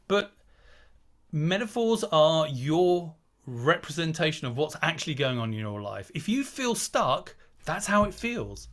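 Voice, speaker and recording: A man's voice: fairly high pitch, lively intonation, measured pace, a bit bright. A man speaking as a guest on a video call, chatty and digressive, acting out quoted inner voices. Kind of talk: casual talk on a video call.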